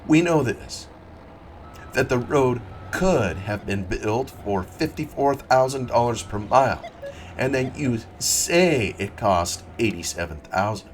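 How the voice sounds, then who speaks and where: A man's voice: mid-range voice, animated, slow pace, a little hiss or hum, voice pushed up. A man reading aloud, voicing an angry, outspoken man who argues heatedly about railroad rates. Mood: furious. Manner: heated, emphatic.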